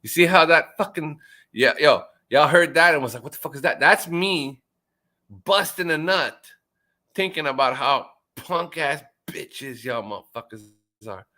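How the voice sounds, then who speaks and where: A man in a casual group chat, ranting loudly with constant swearing and stammered repeats, his pitch jumping whenever he gets riled up. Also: animated, a little slow. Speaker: chat participant. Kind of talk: casual profane rant.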